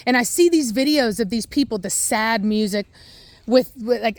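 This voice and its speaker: A woman's voice: a little high, normal speed, a little mellow, no echo. A woman who breeds and trains dogs, ranting bluntly and with exasperation in an opinionated commentary.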